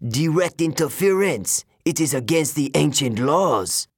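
A wailing, indignant manticore, as a male narrator puts him on in a storybook reading, pitched well above the reader's own voice and pushed louder. The voice has a strained, altered timbre, and it rises and falls a great deal in a dry, close recording. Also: animated, measured pace, no echo. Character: snarling male manticore monster, villainous.

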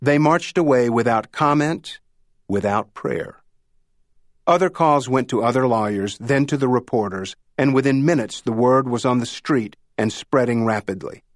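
This is scripted narration of a novel by a male audiobook narrator whose mid-range voice carries a measured storytelling delivery. The sound is clean and studio-made, with no room reverb.

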